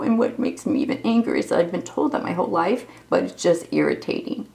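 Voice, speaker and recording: Woman, 40s, low gravelly voice, candid rambling vlog confessional. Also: wildly swooping pitch, moderate pace, darkish tone, rough recording. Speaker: vlogger. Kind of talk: unscripted personal video diary.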